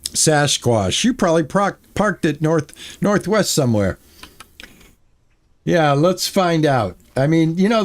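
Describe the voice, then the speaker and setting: A man's voice: fairly high pitch, sing-song, takes it slowly, pauses often. A man streaming a game, chatting with his viewers and easily exasperated as he plays. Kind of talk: casual gameplay commentary.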